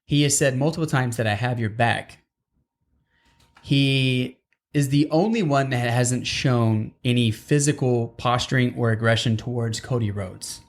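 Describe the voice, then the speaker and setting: Guy hosting a chill wrestling podcast, kinda rambly, goes off on tangents, mid pitch. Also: steady tone, normal speed. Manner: rambling, digressive, restarts often. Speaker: podcast host. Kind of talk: casual wrestling chat.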